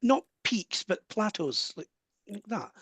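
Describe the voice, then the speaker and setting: A Scottish man working as a medium, giving an earnest live reading over a video call with quick asides and laughs. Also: high-pitched, sing-song, fairly bright tone, slightly rough, no echo. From Scotland.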